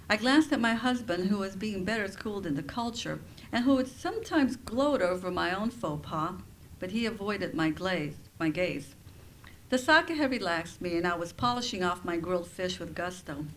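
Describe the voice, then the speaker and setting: A woman reading her own nonfiction aloud at a campus event, her voice at an ordinary middle pitch. She tells the story in an expressive, wry way. Faint ambient noise hangs in the background. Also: poor audio. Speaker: professor and author. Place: campus writing center event.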